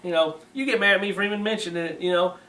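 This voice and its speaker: A man's voice: high-pitched, racing, sharp tone. Indignant man mocking in a roomy recording. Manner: blunt, mocking, folksy grammar. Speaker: preacher. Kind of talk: indignant moral commentary, reading aloud. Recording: roomy, distant mic with faint hiss.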